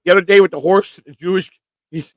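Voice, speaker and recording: A man's voice: high-pitched, fairly even intonation, fast, dry recording, low-quality recording. A man from Chicago co-hosting a casual live stream, rambling, repeating himself and trailing off. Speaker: co-host.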